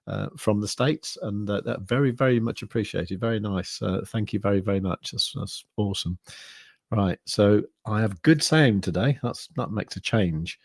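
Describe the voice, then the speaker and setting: A man with a fairly low, darkish voice hosts a livestream, rambling casually through viewer comments with lots of fillers and restarts. He's English, from the Midlands, with an accent mixing Midlands and southern English after some years in France. The studio-quality audio has no room sound.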